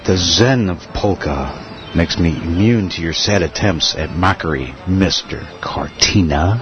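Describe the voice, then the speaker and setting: An actor playing a calm, solemn male polka mystic in a comedy radio play. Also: sits low, a little slow, over music. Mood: serene. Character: serene zen-spouting male polka mystic. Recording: slightly muffled recording.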